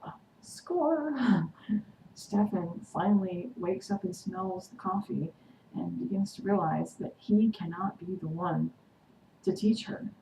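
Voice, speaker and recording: A woman vlogger chatting through a TV episode recap, excitedly acting out the characters' quotes. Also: lowish voice, measured pace, gravelly. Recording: echoey room, distant mic, noisy.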